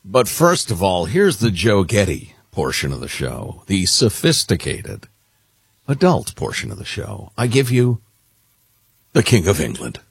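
A husky-voiced man co-hosts a talk radio show, joking and bantering freely. His pitch swings widely from low to high. The sound is close and dry from a studio mic. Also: wildly swooping pitch, dry recording. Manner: playful, jokey, quick to laugh.

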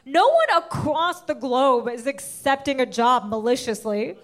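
A woman from the United States doing stand-up, brash and punchy, laughing through her jokes. Her voice sits high. She drives each bit hard. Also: animated, unhurried. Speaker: stand-up comedian. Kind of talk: stand-up comedy.

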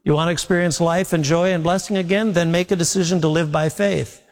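A man's voice: a little high, fairly even intonation, fairly quick. A male pastor preaching a sermon in a folksy, repetitive way, telling homely stories. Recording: long reverb of a large hall.

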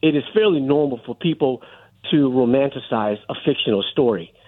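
A man's voice: mid-range voice, brisk. A middle-aged man calling in to a radio talk show, making his argument insistently and holding the floor. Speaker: caller. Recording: tinny phone line.

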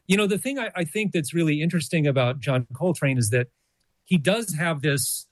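A college jazz orchestra co-director gives a radio interview, answering thoughtfully but with plenty of fillers and restarts. His voice runs on the high side and a little fast, with no echo.

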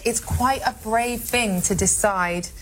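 A woman explaining her point in a measured way, heard in a played clip. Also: on the high side, music in the background.

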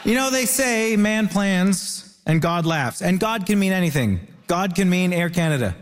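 Dude from ontario doing standup, high voice, hall echo and noise around. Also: male voice, animated, moderate pace. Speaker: comedian panelist. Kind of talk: stand-up comedy.

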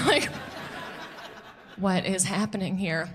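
A woman in her thirties performing a stand-up comedy set, telling stories with playful, animated delivery and mock voices. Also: medium pitch, slow. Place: comedy club stage.

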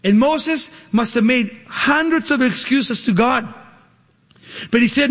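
A man delivers a lively sermon in a high voice. He acts out the people in his story, climbing in pitch when they speak. The sound carries a long reverb from a large hall. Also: a little slow. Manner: animated, acts out dialogue with rising pitch. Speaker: preacher.

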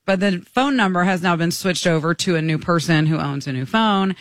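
A woman co-hosting a morning radio show, telling stories in an animated, gushing way. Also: on the low side, a little fast, no echo, clean studio sound. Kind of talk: casual chat.

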